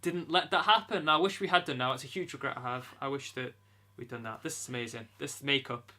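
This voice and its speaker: A man's voice: mid-range voice, fairly quick, pushed and bright. A man co-hosting a casual video commentary, chatty and self-deprecating.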